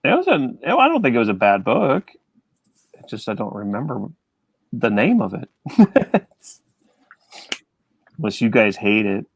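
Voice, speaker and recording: A man's voice: medium pitch, huge pitch swings, unhurried, creaky, pauses often, husky, dry recording, poor audio. A man chatting casually while he draws on a live stream, rambling and self-deprecating. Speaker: artist on a live drawing stream. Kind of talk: casual chat while drawing.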